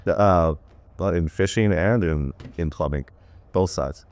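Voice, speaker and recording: A man's voice: deep voice, measured pace, darkish tone. A man working as a plumber and fishing guide, talking in an easygoing, rambling way on a podcast. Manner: easygoing, talks in long loose runs. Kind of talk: casual podcast conversation.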